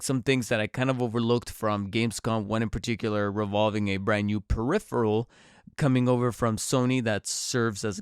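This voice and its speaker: A man's voice: mid-range voice, smooth, no room sound, clean studio sound. A man hosting his own podcast in casual chat, a bit nasal and congested from a cold, rambling with many fillers and restarts. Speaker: podcast host. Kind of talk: casual solo podcast talk.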